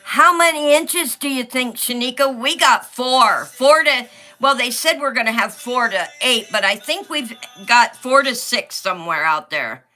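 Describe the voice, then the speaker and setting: A middle-aged woman chats slowly on her livestream and reads out viewer comments. Her voice is bright and sits a little high. Faint music plays behind her. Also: expressive. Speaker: livestream host. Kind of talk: casual livestream chat while coloring.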